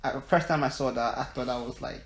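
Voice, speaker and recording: A young man from Nigeria co-hosting a podcast, chatting casually in animated, slangy banter. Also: medium pitch, quick pace, creaky. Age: young adult. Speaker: podcast co-host. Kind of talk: casual chat. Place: small room in a flat. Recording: echoey room.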